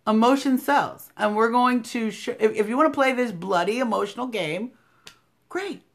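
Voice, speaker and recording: Fiery, combative American woman streamer. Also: normal speed. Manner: combative, sarcastic, swings from loud outbursts to low asides. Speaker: political live-stream host. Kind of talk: opinionated live-stream commentary. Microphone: phone live stream.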